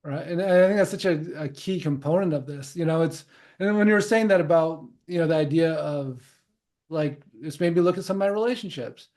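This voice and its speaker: A man's voice: a little high, brisk, a little mellow. A man hosting a podcast and coaching his guest, reflective and affirming as he explains ideas at length. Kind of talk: casual conversation.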